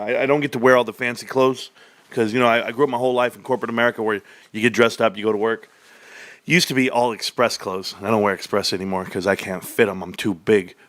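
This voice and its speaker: Bright-voiced man hosting a livestream. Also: medium pitch, dry recording. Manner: energetic, animated, laughs often. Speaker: livestream host. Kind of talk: casual livestream talk.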